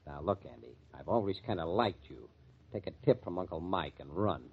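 An actor playing a sarcastic, tough-talking club owner in a 1940s radio drama. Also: male voice, low voice, lively intonation, a little fast, gravelly, slightly rough, exaggerated voice. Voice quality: sneering, tough-guy slang. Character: gruff, sarcastic male club owner, middle-aged, bitter. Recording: muffled old radio recording.

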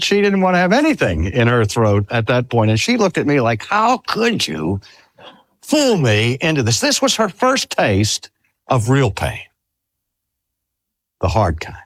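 An older man delivers a sermon with measured pacing and a lively voice that rises and falls widely. His voice sits in a middle pitch and the recording is dry and close. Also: dry recording. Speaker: pastor.

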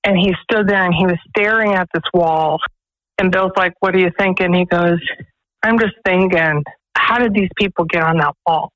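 A woman's voice: lowish voice, normal speed, dry recording, dull audio. A woman who runs a pregnancy resource center, telling stories earnestly as a guest on a radio interview. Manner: earnest, animated storyteller.

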